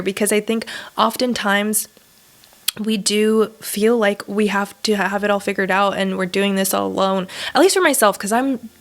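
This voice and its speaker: A young woman in her twenties talks straight to camera in a personal vlog, loose and emphatic. Her voice sits at an ordinary middle pitch, and she speaks frankly, with casual fillers and blunt swearing. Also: fairly even intonation, moderate pace. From Southern California. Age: 20s. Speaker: vlogger. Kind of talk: candid personal vlog talk.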